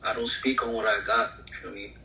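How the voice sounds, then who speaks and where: A man's voice: on the low side, little pitch movement, a little fast, sharp tone, a little hiss or hum. A man from New York on a live-stream call, talking in laid-back, evasive slang. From New York, USA. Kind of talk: casual video-call chat. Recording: roomy echo.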